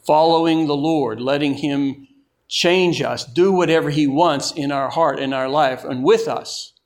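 A man preaching a sermon in a slow, emphatic way, often repeating words for stress. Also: fairly high pitch. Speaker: pastor.

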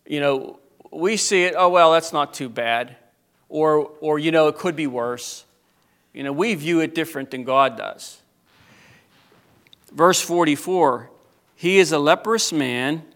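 A man preaching a sermon and reading scripture aloud, building from slow teaching to loud, fervent preaching. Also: a little high, clear, resonant tone. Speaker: pastor.

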